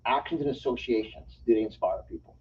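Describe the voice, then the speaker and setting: A man talks at a rapid clip as a fired-up motivational guest, preaching his points and lurching between loud bursts and hushed asides. He sounds set back from the mic, with a dull, muffled tone and faint ambience behind him. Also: medium pitch, distant mic, a little hiss or hum. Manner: emphatic and preachy, with sudden swings between loud and soft. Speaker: guest, motivational speaker and author. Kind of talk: fired-up motivational interview talk.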